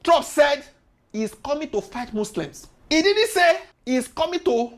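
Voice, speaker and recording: Nigerian woman ranting about politics, pidgin mixed in, high voice that swings around a lot. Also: lively intonation, unhurried. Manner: impassioned, rhetorical questions, mixes Pidgin and English. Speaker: commentator. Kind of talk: political commentary vlog.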